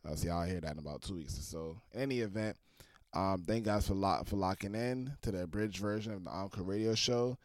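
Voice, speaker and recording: Low-voiced laid-back man host. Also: quick pace, dry recording, studio quality. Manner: laid-back, lots of backchannel. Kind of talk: interview and podcast outro.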